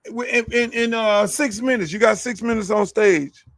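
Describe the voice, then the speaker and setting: A middle-aged man hosting his own show, telling casual stories in an animated, profane way. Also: high-pitched, moderate pace, low-quality recording. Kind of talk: casual storytelling.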